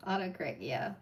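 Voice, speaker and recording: A woman's voice: fairly low pitch, far from the mic, slight background noise. A woman with a strong Appalachian drawl who chats casually with viewers while doing her nails at her desk, laughing between asides. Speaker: nail art livestream host. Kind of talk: casual chat while working. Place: home desk.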